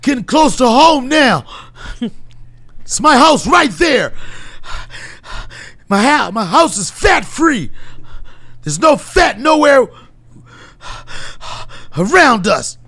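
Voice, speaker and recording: A man doing a comedic impression of a foul-mouthed fitness zealot who rants and shouts without letup. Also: very high-pitched, big pitch swings, takes it slowly, long pauses, full character voice. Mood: ranting. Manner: shouting, profane, relentless motivational rant. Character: ranting foul-mouthed male fitness zealot, middle-aged.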